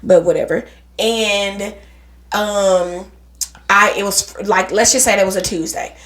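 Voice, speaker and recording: A woman's voice: mid-range voice, measured pace. A woman co-hosting a faith podcast, telling a personal story in casual chat. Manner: animated storyteller, acts out voices in her stories. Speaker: podcast co-host.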